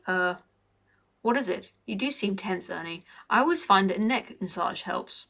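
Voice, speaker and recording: A woman voicing a falsely pleasant young male villain who speaks softly and politely. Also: mid-range voice, expressive, normal speed, gravelly. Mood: silkily polite.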